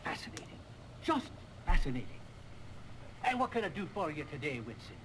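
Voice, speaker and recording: An actor playing a rambling, absent-minded old police chemist in a video game, who mixes up names and gets excited. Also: male voice, a little high, brisk, a little hiss or hum, rough recording.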